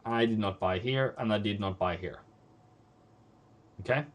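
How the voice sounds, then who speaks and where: Here the forex livestream host, a Norwegian-native man, speaks in a lowish voice at a measured pace. Blunt scolding and repeated phrases give his words emphasis.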